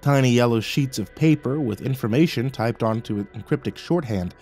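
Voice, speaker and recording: Male horror narrator, measured and dramatic, faint music underneath. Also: medium pitch, darkish tone. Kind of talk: scripted horror story narration.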